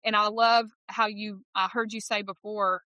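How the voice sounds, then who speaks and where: A woman's voice: mid-range voice, level tone, bright, forceful tone, no room sound. A woman in her fifties with a Southern accent, interviewing a guest in an exuberant, emphatic way. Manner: exuberant, emphatic, quick to laugh. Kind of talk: enthusiastic interview chat.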